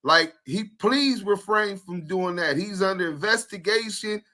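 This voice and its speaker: A fairly high, bright male voice with a forceful edge. He co-hosts a podcast in casual talk, addressing people bluntly and confronting them with street slang. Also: unhurried. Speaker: podcast co-host.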